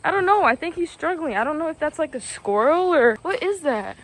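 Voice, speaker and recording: A young woman talking in a casual vlog, excitable and gushing, with lots of "like" and "literally". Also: high voice, a little fast. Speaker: vlogger.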